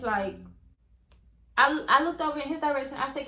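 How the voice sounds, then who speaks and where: A young adult woman, a hairstylist, telling a story to her viewers in an animated, profane, chatty way. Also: sits high, fairly quick, long pauses, reverberant. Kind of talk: storytime vlog.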